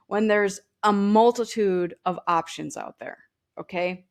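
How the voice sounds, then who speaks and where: A woman's voice: mid-range voice, a little slow. A woman giving a casual tarot and oracle card reading. She reads the card texts aloud and talks straight to the viewer with chatty asides. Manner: chatty, addresses viewers directly with "you know" asides.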